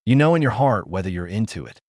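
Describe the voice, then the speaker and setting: A man's voice: fairly low pitch, big pitch swings, fast, no room sound, clean studio sound. A man doing a cocky ex-soldier bodyguard. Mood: cool. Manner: teasing and cool. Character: cocky, calm ex-special forces man.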